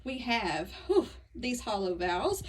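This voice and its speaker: Young Southern woman, slightly high, casual and chatty, self-deprecating vlog host, phone mic in a bedroom. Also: sing-song, slow pace, slight background noise, poor audio. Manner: chatty, self-deprecating, giggly asides to viewers. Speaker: book vlogger. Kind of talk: casual bookshelf tour. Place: bedroom at home. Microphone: phone camera.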